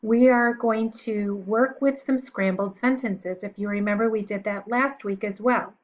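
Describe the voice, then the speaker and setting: A woman teacher giving a recorded lesson to young children, patient and encouraging, pausing for answers. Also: a little high, fairly even intonation, dull audio.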